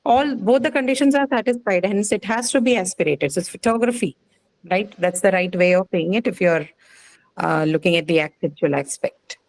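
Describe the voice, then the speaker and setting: A woman's voice: medium pitch, normal speed, no room sound, low-quality recording. Lady lecturing a class, keeps asking right?, dry close sound. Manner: explains step by step, checks with frequent "right?". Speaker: English phonetics teacher.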